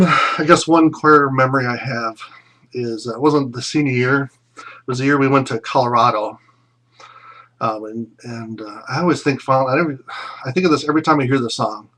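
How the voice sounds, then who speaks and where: A man in his thirties speaking at an ordinary, middle pitch for a man. He talks casually to old classmates, drifting from one fond memory to the next with lots of pauses and fillers. The delivery is relaxed, personal and unscripted. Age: 30s. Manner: rambling, fond reminiscing with many pauses. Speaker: former classmate sending a reunion message. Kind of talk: casual recorded video message.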